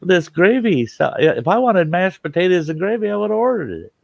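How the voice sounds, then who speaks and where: A man's voice: high voice, brisk, creaky, no echo, highs cut off. A man hosting a casual live stream, telling folksy road stories and acting out the people in them. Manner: folksy, animated quoting of people. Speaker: host.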